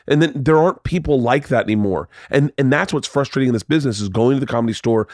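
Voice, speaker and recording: A man's voice: medium pitch, fast talker, darkish tone, no echo, clean studio sound. A man hosting a podcast, telling stories in casual chat, swearing freely and acting out the voices of people in his stories. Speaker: podcast host.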